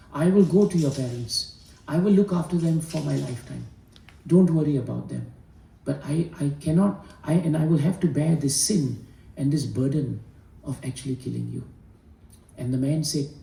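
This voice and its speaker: Gravelly, earnest male storyteller in an echoey room. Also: a little high, warm tone, recorded from a distance. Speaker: spiritual storyteller. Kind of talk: devotional storytelling talk.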